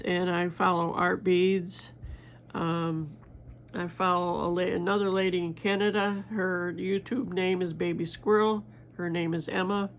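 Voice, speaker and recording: A woman's voice: on the low side, vocal fry, a little hiss or hum. An older woman chatting casually while she makes a bracelet, rambling with many fillers and restarts. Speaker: crafting vlogger. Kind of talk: casual chat while beading.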